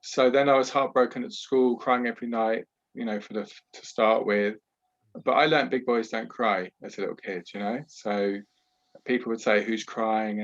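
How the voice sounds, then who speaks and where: A man, a podcast guest who talks candidly and at a measured pace about his own past, often adding "you know". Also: fairly low pitch, highs cut off. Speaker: podcast guest, trauma healer. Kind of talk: reflective personal storytelling.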